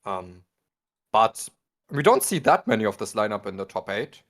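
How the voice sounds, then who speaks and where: A man's voice: on the low side, big pitch swings, normal speed, fairly bright tone. A man co-hosting a casual card-game stream, talking with many ums and repeated words. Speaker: co-host guest. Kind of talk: casual livestream chat.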